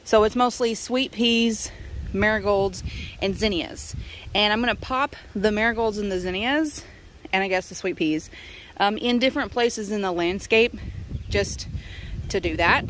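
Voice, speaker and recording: A woman's voice: mid-range voice, unhurried, fairly bright tone. A woman giving a casual garden-tour vlog outdoors, chatty and enthusiastic as she lists her plants. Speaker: gardening vlogger. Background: faint wind and outdoor noise.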